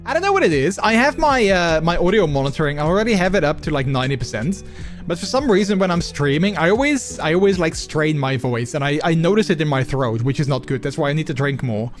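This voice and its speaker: Rambling male streamer, slightly high voice. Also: animated, quick pace, faint music behind. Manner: rambling with many fillers and restarts. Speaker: livestreamer. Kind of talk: casual chat with viewers. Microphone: close desk microphone.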